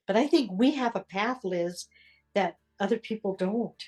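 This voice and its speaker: An older woman, a religious sister, telling her story in an interview in an earnest way, with reflective pauses. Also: medium pitch, darkish tone, soft background music. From United States.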